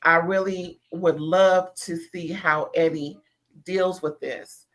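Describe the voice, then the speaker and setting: A woman's voice: lowish voice, fairly even intonation, slow, fairly bright tone. A woman hosting a live show, reviewing a reality TV episode in casual, emphatic chat and talking straight to her viewers. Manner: emphatic, talks to viewers as "y'all". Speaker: host.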